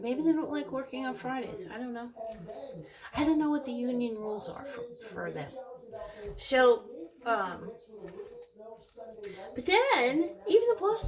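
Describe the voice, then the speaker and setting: A woman's voice: a little high, low-quality recording. A middle-aged woman working as a construction field manager, telling a story in a blunt, direct way in a casual vlog. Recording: crowd chatter in background.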